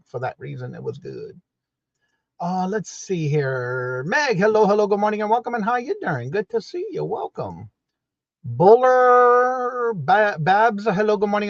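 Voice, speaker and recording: A man's voice: sits high, no echo, dull audio. A man from New Orleans, hosting a casual morning live stream and greeting viewers in the chat one by one by name. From New Orleans, Louisiana. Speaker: livestream host.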